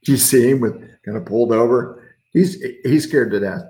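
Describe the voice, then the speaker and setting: Middle-aged pastor guy doing a casual devo, folksy and jokey, average pitch, echoey room. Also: normal speed, mellow. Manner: folksy, joking, reading viewer comments. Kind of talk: casual midweek devotional teaching.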